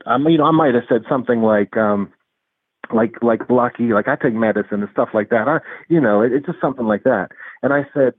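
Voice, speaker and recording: A man's voice: medium pitch, brisk, husky, no echo. A man talking earnestly in an interview and acting out dialogue as he tells a story. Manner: earnest, animated, acts out dialogue in retelling. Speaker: guest, anger management specialist. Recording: tinny phone line.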